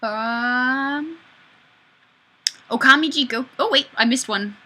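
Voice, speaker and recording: A woman hosting a casual live webcam show in a playful, animated manner. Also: high voice, takes it slowly. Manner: playful, animated, often laughing.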